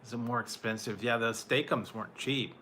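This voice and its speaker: A man talks casually with his viewers as a food reviewer. He rambles and stops to restart, with lots of fillers and quick laughs. His voice has a bright, forward edge, and the pitch sits at an ordinary middle. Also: a little hiss or hum. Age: adult, once married. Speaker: food reviewer answering chat. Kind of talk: casual live-stream chat.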